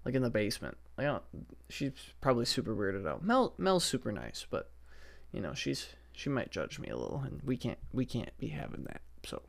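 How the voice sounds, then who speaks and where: A young man with a mid-pitched voice hosts a casual solo podcast from his basement. He rambles and swears freely, sounding exasperated as he vents into his podcast microphone. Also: big pitch swings, brisk, gravelly. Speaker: podcast host. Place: basement at home. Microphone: podcast setup microphone.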